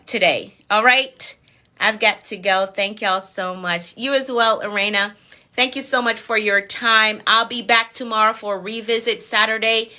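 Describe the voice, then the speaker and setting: Jamaican woman, productivity coach on a live stream, bright voice, steady declarative delivery, greets viewers by name. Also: medium pitch. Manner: repeats phrases for emphasis, chats with viewers by name; recites declarations in a steady repeated pattern. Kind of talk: live-stream motivational talk with spoken decrees.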